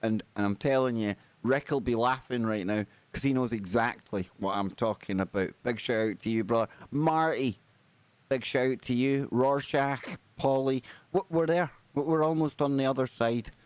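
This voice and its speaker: A man hosting a live stream, chatting casually and reading out viewer names with excitable, rambling asides. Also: medium pitch, moderate pace, smooth, dry recording. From United Kingdom. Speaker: livestream host.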